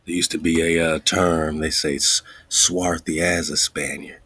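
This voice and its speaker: A deep, husky male radio host talks at an unhurried, slow pace, thinking aloud as he searches for words. He mutters and whispers to himself between lines and stretches out his readings of quoted passages. The recording is dry and close. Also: level tone, sharp tone, dry recording. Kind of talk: casual research talk, looking up words live.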